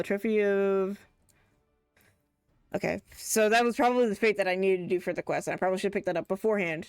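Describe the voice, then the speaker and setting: A woman's voice: medium pitch, steady tone, a little fast, smooth, no echo, clean studio sound, faint music behind. A woman streaming a game, chatting casually, rambling and laughing often. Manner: rambling, laughs often, trails off mid-thought. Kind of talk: casual live-stream chat.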